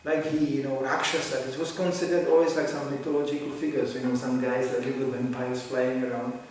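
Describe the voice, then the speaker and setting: A man in his sixties giving a devotional lecture, chuckling often as he tells stories in an animated way. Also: medium pitch, brisk. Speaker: spiritual teacher. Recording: echoey hall from far off.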